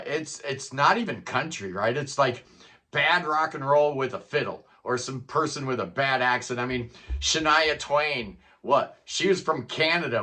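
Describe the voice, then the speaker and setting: Bright-voiced chatty middle-aged man. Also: mid-range voice. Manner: rambling, chatty, peppers sentences with "man". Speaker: music vlogger. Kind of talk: casual solo monologue.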